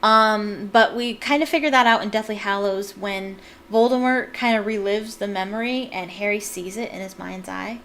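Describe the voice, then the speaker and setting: A woman's voice: medium pitch, steady tone, moderate pace, fairly bright tone, a little hiss or hum. A young woman reading a book aloud as a fan, with chatty, jokey asides. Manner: chatty, jokey, laughs at the text. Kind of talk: casual read-aloud with commentary.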